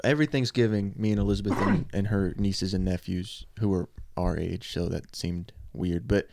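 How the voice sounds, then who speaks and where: A man's voice: low voice, steady tone, moderate pace, gravelly, darkish tone. A man in his twenties chatting casually on a podcast, easygoing and slangy. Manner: easygoing, says "dude" and "man" a lot. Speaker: podcast co-host. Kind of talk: casual chat.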